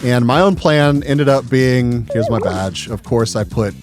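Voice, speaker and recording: A man's voice: a little slow, soft background music. A man telling a con story in a casual vlog, swearing freely and getting exasperated. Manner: profane and animated, pitch jumping up when exasperated. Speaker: vlogger.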